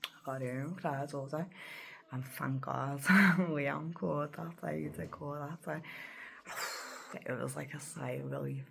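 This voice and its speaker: A woman's voice: deep voice, steady tone, slow, gravelly, fairly bright tone. A woman telling a personal story in a rambling, emotional vlog, often dropping to a whisper. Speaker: vlogger.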